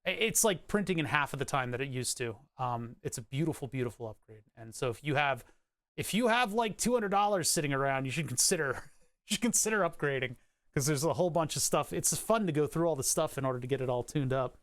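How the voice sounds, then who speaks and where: A man streams live, rambling about electronics in loose, profane chatter, constantly restarting and stumbling over himself. His mid-range voice is animated and a little fast, with no echo.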